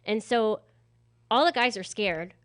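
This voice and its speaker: A young woman tells a personal story in casual talk, with a voice in the middle range. She is animated and full of fillers, often acting out what others said. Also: mid-range voice, unhurried. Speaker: guest telling her recovery story.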